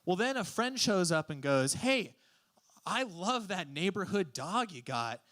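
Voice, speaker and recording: A teenage man telling a story at an open mic, lively and acting out the voices in his quotes. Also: sits high, unhurried. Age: teens. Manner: animated, acts out voices in quotes. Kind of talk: live storytelling.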